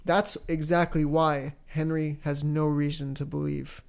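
A podcast co-host recapping a TV episode in loose, casual chat. The talk is peppered with swearing and "like", at a middle pitch. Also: little pitch movement, measured pace, creaky, clear, resonant tone. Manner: casual, swears freely, many "like" fillers.

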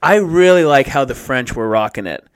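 A man's voice: mid-range voice, expressive, moderate pace, clear, resonant tone. A young man co-hosting a podcast, telling rambling stories in casual chat and swearing freely. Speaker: podcast co-host.

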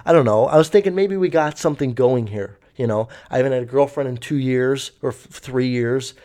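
A man's voice: mid-range voice, a little fast, dark tone. A young man telling a story casually, rambling and swearing with lots of fillers. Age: young adult. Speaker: vlogger.

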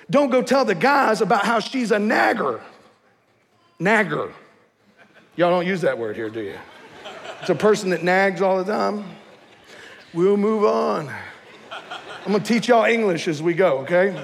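A pastor with a notably high voice preaches to his congregation. He talks in a folksy, conversational way, often checking in with rhetorical questions. His voice rings out with a long reverb from the church hall. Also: creaky. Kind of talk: sermon.

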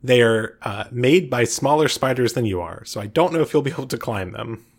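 A man narrating as game master of a tabletop game, relaxed and filling pauses with uh and um. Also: medium pitch. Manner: relaxed, frequent uh and um fillers.

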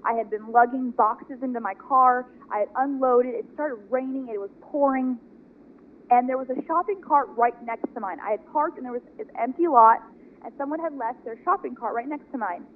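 A woman's voice: high voice, moderate pace. Woman telling a faith story over a tinny line. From California. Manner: lively, earnest storytelling that acts out dialogue. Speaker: woman sharing a faith testimony. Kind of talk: personal faith testimony storytelling. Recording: tinny phone-like audio with faint noise.

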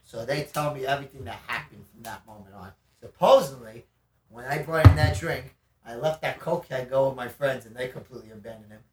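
A man's voice: medium pitch, brisk, very noisy. A man in his twenties telling a wild story in casual podcast chat, swearing freely and laughing as he goes. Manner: animated, profane, laughs through his story. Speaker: podcast guest. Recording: roomy sound from a distant mic.

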